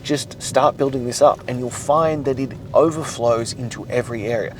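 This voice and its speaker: A man's voice: mid-range voice, normal speed, a little hiss or hum, rough recording. Intense, swearing motivational man. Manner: intense, profane, emphatic. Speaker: podcast host. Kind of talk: motivational monologue.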